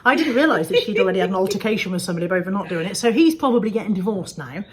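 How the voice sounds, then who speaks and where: A woman's voice: mid-range voice, expressive, rapid-fire, rough recording. A woman from England showing off her second-hand finds in a chatty, jokey, rambling way. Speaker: vlogger showing resale finds. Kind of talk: casual chat.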